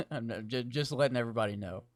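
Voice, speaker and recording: A man co-hosting a podcast in casual chat, rambling from topic to topic, swearing often and laughing a lot, with a deep, crackly morning voice. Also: fast talker, no room sound, clean studio sound. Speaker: podcast co-host.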